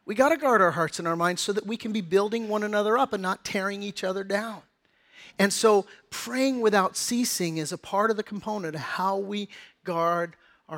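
High-voiced man preaching a casual sermon. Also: a bit bright. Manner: conversational storytelling with acted-out quotes. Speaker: pastor.

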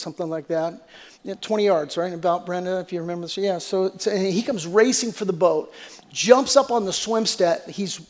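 A man's voice: high-pitched, darkish tone. A middle-aged male pastor preaching a sermon, mixing scripture with humorous personal stories and emphatic repetition.

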